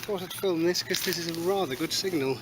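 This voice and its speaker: A man's voice: fairly high pitch, brisk, over loud music. A man giving casual, cheeky running commentary while metal detecting in a field. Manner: chatty, cheeky asides, says moving on a lot. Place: outdoors in a field. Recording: outdoor noise behind.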